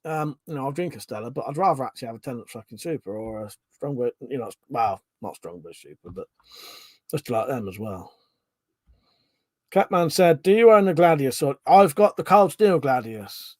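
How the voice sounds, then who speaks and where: A man hosts a casual livestream, reading viewer comments aloud, laughing a lot and cursing freely. His mid-range voice is expressive and a little mellow at a normal pace, captured with studio quality and no room sound.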